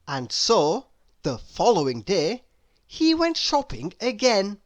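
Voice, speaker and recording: A woman reading a children's story aloud, expressive and asking the listener questions. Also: mid-range voice, slow pace, lo-fi sound.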